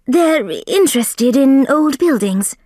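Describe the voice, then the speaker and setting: A woman voicing an anxious male college tutor in a slow storybook reading, with a high, pleading manner. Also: animated, mellow, no echo, studio quality. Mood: polite.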